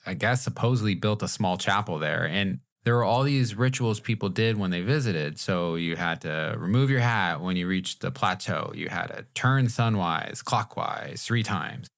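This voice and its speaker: A man's voice: sits low, expressive, normal speed, gravelly, few pauses, fairly bright tone. A man co-hosting a podcast in a casual chat, joking with wry asides. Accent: American. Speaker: podcast co-host.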